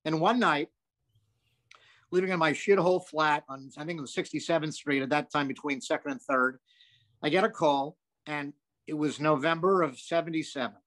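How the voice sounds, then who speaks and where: An older male comedian spinning long, animated stories in an interview. His voice sits a bit high, and he curses freely and wanders into asides. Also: normal speed. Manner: animated, profane, rambling with asides. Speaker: comedian guest. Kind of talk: anecdotal storytelling.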